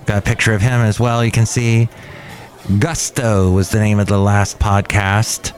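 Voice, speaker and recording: A man's voice: fairly low pitch, flat delivery, normal speed, soft background music. A middle-aged man hosting his own daily podcast, chatting alone in a rambling, digressive way that often breaks off mid-thought. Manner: rambling, digressive, self-interrupting. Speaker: podcast host. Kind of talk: casual solo podcast monologue.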